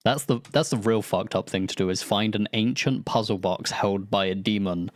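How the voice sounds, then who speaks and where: Low-voiced game master, dry sound. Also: male voice, moderate pace, no echo. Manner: loose and rambling, swears, laughs mid-sentence. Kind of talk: casual post-session chat.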